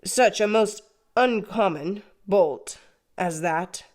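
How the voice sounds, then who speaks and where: Woman doing a slow, earnest blacksmith man. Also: medium pitch, darkish tone, close to an everyday voice. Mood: confiding. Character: kind slow-witted village blacksmith, grown man.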